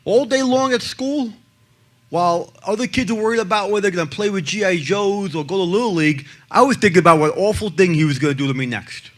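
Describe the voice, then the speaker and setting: A man's voice: high-pitched, fast. Blunt man giving testimony. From the Bronx, New York. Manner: blunt and emphatic, swinging between loud and hushed. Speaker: abuse survivor and advocate speaker. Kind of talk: personal testimony.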